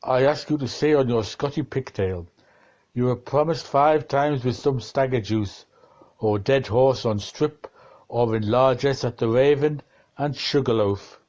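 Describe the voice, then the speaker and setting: A man reading a dense novel aloud, slow and deliberate, shifting his tone for the quoted exchanges. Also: medium pitch, a little mellow, muffled recording. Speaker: reader of a novel.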